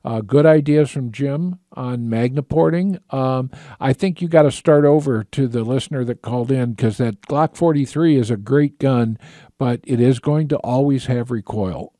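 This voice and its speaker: A man's voice: medium pitch, mellow, dry recording, clean studio sound. Casual man hosting a call-in radio show. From Michigan. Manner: casual, chatty, many fillers and restarts.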